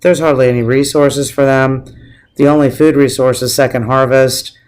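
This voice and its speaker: A man talks straight to camera in a loose, emotional rant, swearing often and tripping over his restarts. He sounds teary and close to crying, and his voice sits at a middle pitch. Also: steady tone, moderate pace, a little mellow, clean tone. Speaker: vlogger. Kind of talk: casual opinion rant to camera.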